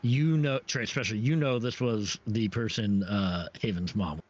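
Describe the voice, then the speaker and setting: Low-voiced man running a tabletop game. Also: normal speed. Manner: hesitant, many fillers and restarts. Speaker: game master. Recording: dull lo-fi stream audio with faint ambience.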